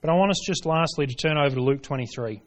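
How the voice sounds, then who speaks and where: Emphatic male preacher, fairly high voice. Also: fast talker. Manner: emphatic, swings between hushed and forceful; reads scripture aloud in King James wording. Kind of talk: sermon.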